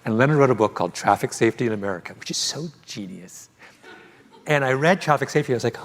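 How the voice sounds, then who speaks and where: A man's voice: mid-range voice, fast. A man, an author, in a live stage conversation, telling a story with lots of energy and frequent laughter. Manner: animated storytelling, laughs often. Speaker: author being interviewed. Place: theater stage before an audience.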